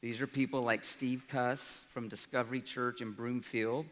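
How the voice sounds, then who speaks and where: A man's voice: medium pitch, moderate pace. Man in his forties speaking in a hall. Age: 40s. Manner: energetic, rhetorical, asks the crowd "right?". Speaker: college president. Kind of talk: speech to an audience. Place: large hall. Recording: reverberant hall, live speech.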